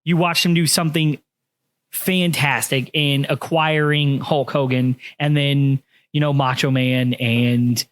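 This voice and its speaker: A man co-hosting a podcast in casual chat, animated, acting out quotes and swearing freely. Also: mid-range voice, a little slow. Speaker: podcast co-host.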